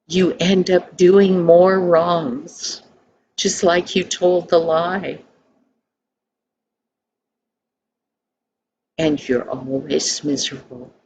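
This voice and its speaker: An older woman voicing a kind, wise father who speaks calmly and questions gently. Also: deep voice, slight background noise, rough recording.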